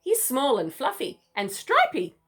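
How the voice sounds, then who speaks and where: Storybook emu dad, worried and calling out, high bright voice, read by a woman. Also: huge pitch swings, measured pace, breathy edge, full character voice. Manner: anxious, calling out. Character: worried male emu father.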